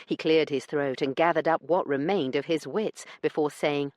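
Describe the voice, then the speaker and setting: A woman reading a romance audiobook as its narrator, in an expressive storytelling way. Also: deep voice, normal speed, hardly any pauses, dry recording, clean studio sound. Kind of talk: scripted narration.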